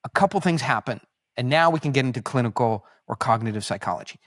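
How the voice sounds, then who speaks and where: A man who is a podcast guest, telling stories in an animated, rambling way, with restarts. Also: mid-range voice, quick pace, no echo, clean studio sound. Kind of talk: casual conversational storytelling.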